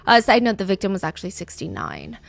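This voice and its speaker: A woman hosting a podcast, telling a true crime story in an animated, conversational way. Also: mid-range voice, fast talker, gravelly. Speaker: podcast host.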